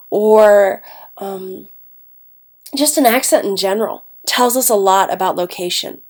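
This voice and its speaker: A woman's voice: medium pitch, fairly even intonation, unhurried, a little mellow. A woman from Ohio, an English teacher, giving a recorded class lecture with a stuffed-up nose, chatty and often checking in with "okay?". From Ohio, United States.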